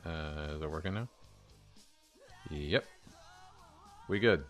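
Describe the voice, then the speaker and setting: A man developing a game on a live stream, talking to himself and swearing casually, his voice a bit hoarse. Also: very deep voice, slow, highs cut off, over loud music.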